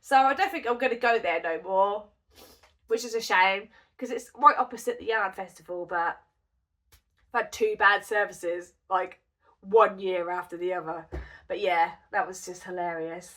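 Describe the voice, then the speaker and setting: A woman's voice: mid-range voice, normal speed, fairly bright tone. A woman vlogger chatting casually and telling a rambling, giggly story, with a cough from a cold. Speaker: crochet vlogger.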